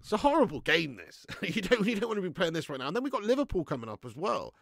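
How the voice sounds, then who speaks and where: Bright, gravelly fan host. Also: male voice, high voice, sing-song, quick pace, no echo. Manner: swearing, ranting fan commentary; deflated, muttering between outbursts. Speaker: fan watch-along host. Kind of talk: live football watch-along commentary.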